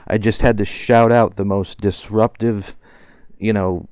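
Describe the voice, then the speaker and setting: Lively, ranting man in his forties. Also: deep voice, moderate pace, clear, resonant tone, dry recording. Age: 40s. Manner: animated ranting, laughs through the story, swears casually. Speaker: vlogger. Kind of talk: casual storytelling monologue.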